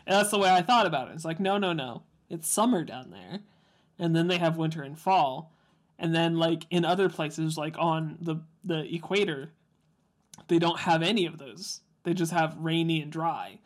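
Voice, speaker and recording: A man's voice: on the high side, normal speed. Chatty man explaining things. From American Midwest. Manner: chatty, explains and corrects, laughs. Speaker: podcast co-host. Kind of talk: casual chat.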